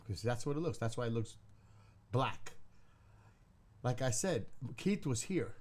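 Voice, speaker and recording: A man hosting a live stream from his living room, telling a rambling story in a blunt, casual way and swearing freely. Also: medium pitch. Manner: profane, blunt, talking to chat.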